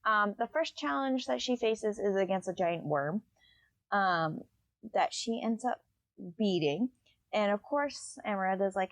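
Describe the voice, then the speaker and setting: A woman's voice: mid-range voice, animated, measured pace, dry recording. Chatty woman recapping a book. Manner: chatty, loose, with many fillers. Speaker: book podcast host.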